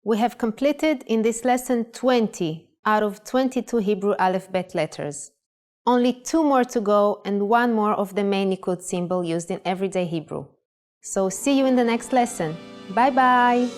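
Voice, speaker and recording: A woman presenting a scripted language lesson, pronouncing words clearly and carefully. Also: mid-range voice, normal speed, a little mellow, soft background music. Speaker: language teacher.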